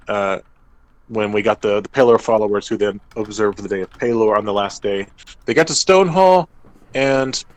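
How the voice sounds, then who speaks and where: Low-voiced man recapping a game session. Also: no echo, rough recording. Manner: storytelling, acting out characters' lines briefly. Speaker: podcast co-host and game master. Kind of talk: casual recap of a tabletop game.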